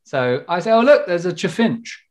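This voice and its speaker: A man's voice: on the high side, lively intonation, normal speed. Male podcast host, casual chat, giggly rambling delivery. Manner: giggly, rambling, warm-humoured.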